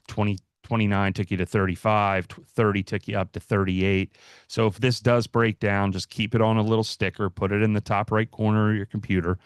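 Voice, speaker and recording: A man with a fairly low voice talks through stock charts on a livestream, loose and conversational, with fillers and restarts. The sound is dry and close, with almost no room behind it. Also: no echo. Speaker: market analyst host. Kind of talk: livestream market commentary.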